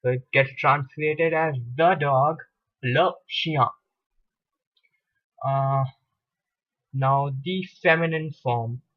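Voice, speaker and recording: Man, French teacher, very slow lecture, repeats himself, muffled lo-fi recording. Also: on the high side. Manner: deliberate, hesitant with fillers and repetitions. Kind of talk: slow lecture explaining grammar at a board.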